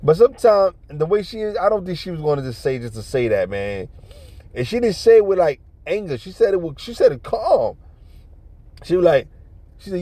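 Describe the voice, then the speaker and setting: A man's voice: high-pitched, big pitch swings, a little fast, mellow, no echo. A man telling a neighborhood story in casual, profane street talk, then urging listeners toward faith, peppering every line with "man" and "you know what I'm saying.". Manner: earnest religious exhortation. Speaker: vlogger giving life advice.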